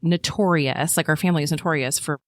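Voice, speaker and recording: A woman in her thirties, a podcast guest telling her birth story in a chatty way, with lots of fillers and lively quoting of people. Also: deep voice, quick pace, no echo, studio quality. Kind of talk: casual chat.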